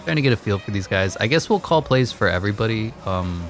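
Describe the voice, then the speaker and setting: A man giving casual, excitable commentary over his own gameplay, laughing at the game and mocking himself. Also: fast, soft background music. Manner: excitable, voice jumps high when hyped. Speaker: gaming commentator.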